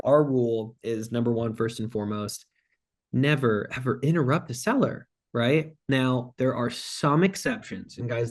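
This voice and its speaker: A man who is a sales closing expert, chatting as a podcast guest, direct and joking, acting out short phone exchanges as he talks. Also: medium pitch. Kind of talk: casual podcast chat.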